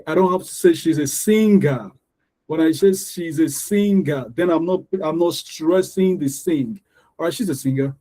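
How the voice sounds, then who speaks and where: A man teaching an English lesson on syllables and stress, explaining patiently and repeating example words slowly. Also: fairly high pitch, mellow, low-quality recording. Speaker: English tutor.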